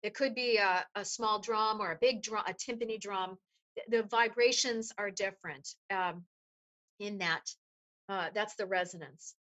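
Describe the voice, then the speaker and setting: A woman voice coach explaining voice resonance in an animated, demonstrative way during an interview. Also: medium pitch, moderate pace, dull audio. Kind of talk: interview conversation.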